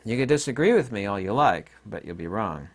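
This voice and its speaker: A man's voice: on the low side, sing-song, brisk. A middle-aged man giving a blunt, combative monologue as an online commentator, with mocking asides. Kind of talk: opinionated monologue.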